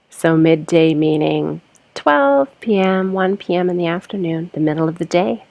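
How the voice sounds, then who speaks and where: A woman teaching an English lesson, reading example sentences slowly for learners to repeat and then explaining them. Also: lowish voice, vocal fry, darkish tone, no room sound.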